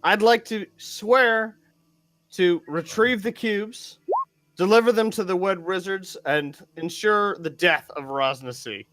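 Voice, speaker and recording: A man's voice: high-pitched, slow pace, a bit bright, a little hiss or hum. A man voicing his male adventurer, who swears an oath in a formal, agreeable way.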